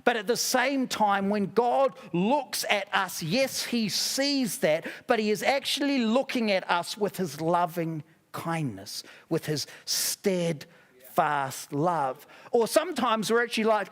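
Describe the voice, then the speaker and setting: A man's voice: sits high, lively intonation, slow, a bit bright. A man with a New Zealand accent, a pastor preaching a sermon in a church, telling stories with self-deprecating humor. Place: church auditorium.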